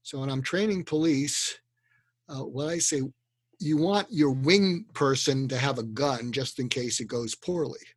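A man's voice: mid-range voice, a little slow, breathy edge, no room sound. A man as a guest in an interview, explaining advice earnestly, with restarts and quoted lines acted out. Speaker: guest expert on communication.

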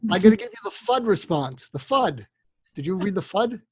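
A man's voice: high-pitched, sing-song, moderate pace, a crowd in the background. A man speaking as a therapist guest in a casual podcast conversation, acting out sample dialogues in a livelier voice. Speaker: psychotherapist guest. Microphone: remote call microphone.

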